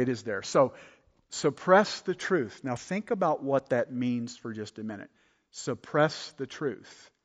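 A man preaching a sermon, teaching from scripture with animated emphasis and quiet asides. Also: medium pitch. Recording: dull reverberant hall sound.

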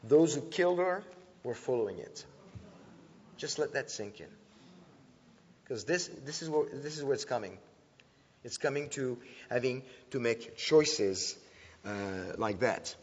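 A man's voice: medium pitch, unhurried, long pauses. A man giving a conversational sermon-style talk to an audience, often restarting and correcting himself. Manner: conversational, self-correcting, animated retelling. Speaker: speaker at a church teaching. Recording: dull lo-fi recording in a reverberant hall.

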